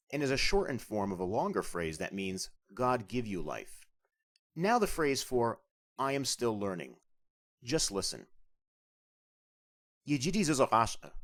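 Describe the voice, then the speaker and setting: A male language instructor narrates a scripted lesson for beginners, explaining each point clearly and patiently. His pitch varies widely and his tone stays lively as he guides the learner.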